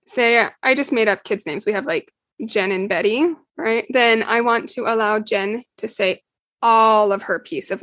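A woman, a mother, calmly explaining parenting steps in a podcast interview. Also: fairly high pitch, no room sound. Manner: calm, explanatory, acts out quotes with laughs. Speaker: parenting guest.

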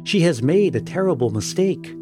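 A man's voice: fairly high pitch, expressive, moderate pace, music in the background, voice pushed up, close to an everyday voice. A man reading the lines of a devout, anguished old village priest in a storybook tale, in a fervent, pleading manner. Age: older.

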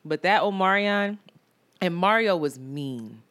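A woman co-hosting a podcast in casual chat, animated and laughing, jumping from loud outbursts to low mutters. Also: measured pace. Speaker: podcast co-host.

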